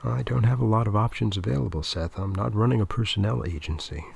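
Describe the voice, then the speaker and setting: Reader gives a quiet, formal older tournament director, low and gravelly. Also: male voice, fast talker, no echo, exaggerated voice. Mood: measured. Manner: hushed, formal. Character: older male tournament director, measured and stern.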